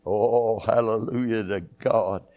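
A man preaching a church sermon, fervent, rising to loud high peaks and throwing in hallelujahs. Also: fairly even intonation, takes it slowly. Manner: punctuates with hallelujahs and amens. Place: church sanctuary.

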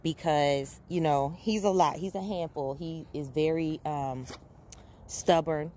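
A woman's voice: sits low, normal speed, mellow, slight background noise. A woman vlogging outdoors in her backyard early in the morning, chatting casually to camera, laughing often and breaking off to call and scold her dogs. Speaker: vlogger and dog owner.

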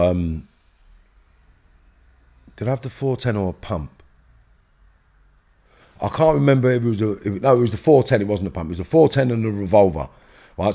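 A man's voice: fairly low pitch, warm tone. London guy telling a story on a podcast, blunt, swears a lot, acts out the rows. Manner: blunt, swears freely, acts out heated dialogue. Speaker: interview guest.

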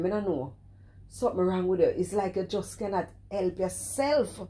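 A middle-aged woman with a Jamaican accent, chatting in animated, scolding commentary that keeps circling back to the same point. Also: mid-range voice, normal speed. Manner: animated, scolding, repeats herself, exclaims "cheese and crime". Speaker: vlogger commenting on another streamer. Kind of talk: casual commentary chat.

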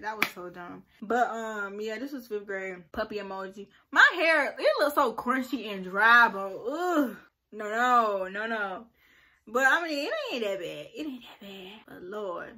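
Woman, vlogger, bright slightly high voice, very lively pitch, chatty reaction-video delivery with low muttered asides. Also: measured pace. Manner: animated, chatty, talks straight to viewers. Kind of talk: casual reaction vlog.

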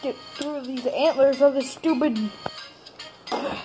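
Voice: high-pitched, measured pace, over music, poor audio. A young host chatting casually and rambling in a bedroom, with a camera set on a tripod. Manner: rambling, playful, full of fillers. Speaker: channel host. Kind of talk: casual home vlog. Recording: movie sound playing behind.

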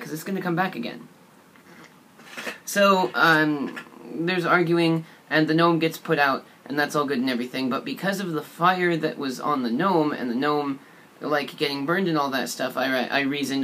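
A man's voice: on the high side, moderate pace, fairly bright tone, a little hiss or hum. A man casually retelling a tabletop game session, rambling and profane, with lots of fillers. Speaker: storyteller.

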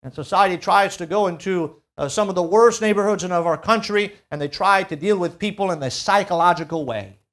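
Male pastor, church sermon, loud emphatic climaxes and hushed drops, reads King James scripture. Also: fairly quick, few pauses. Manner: preaching with big swings from loud emphatic peaks to low quiet drops; reads scripture aloud in King James wording, drawing out key words. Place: church sanctuary.

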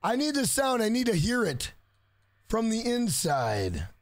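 A man streaming a game live, loud and profane, joking around, greeting viewers by name and breaking into shouted rhyming bits. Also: high voice, wildly swooping pitch, unhurried, no room sound.

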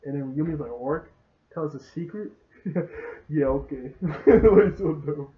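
A man's voice: fairly high pitch, measured pace, noisy background. Rambling young man, tinny phone-like sound. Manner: rambling, laughs often, acts out dialogue. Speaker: show reviewer. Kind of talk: casual rambling recap.

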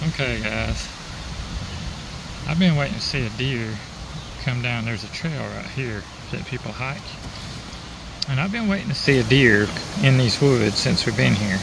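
Guy chatting to the camera at his campsite, gravelly, lots of outdoor noise. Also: mid-range voice, lively intonation, a little slow, long pauses. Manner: easygoing, talks to viewers as guys. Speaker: camping vlogger. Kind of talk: casual outdoor vlog narration. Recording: noisy outdoor camcorder audio.

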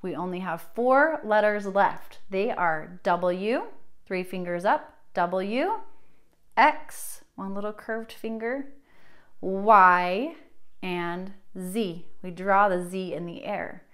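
A young woman teaching a children's music class, talking in a sing-song, animated way with gasps and playful prompts, and singing short rhymes. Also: medium pitch, slow pace. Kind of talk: kids' music lesson with songs.

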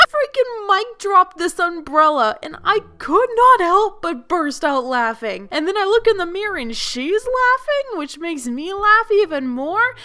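A woman who works as a school bus driver, telling her stories as narration for an animated video in an expressive, lively way. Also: sits high. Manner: lively, expressive storyteller who acts out the people she quotes.

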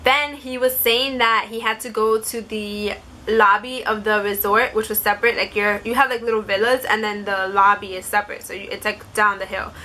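This young woman vlogger's medium-pitched voice is steady, pushed and bright as she recounts a personal story to camera. The style is chatty and casual, heavy on "like," with fast asides quoting others.

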